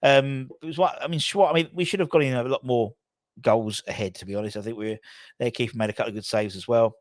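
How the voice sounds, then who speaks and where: Man, football channel host, chatty, self-correcting, mid pitch, dry room. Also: steady tone, fast, no room sound. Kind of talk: casual commentary.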